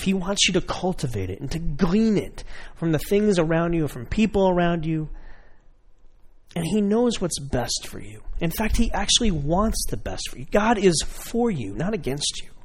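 A man preaching a sermon in a conversational way, addressing his listeners directly and acting out everyday scenes. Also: fairly high pitch. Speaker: pastor.

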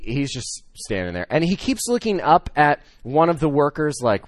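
A man's voice: on the high side, normal speed, few pauses, no room sound, clean studio sound. Man preaching a story-driven sermon. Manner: storytelling with swings from loud excitement to hushed emotion. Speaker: pastor.

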